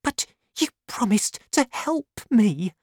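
A reader voicing a frightened little male landlord in a storybook, high and pleading. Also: big pitch swings, slow pace, a little mellow, dry recording, clean studio sound. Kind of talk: storybook reading.

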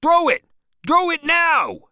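Brief: male narrator as a storybook whaling mate, bellowing orders in a strained high voice, dry sound. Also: big pitch swings, slow, dry recording, heavily acted. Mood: shouting. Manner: shouting orders.

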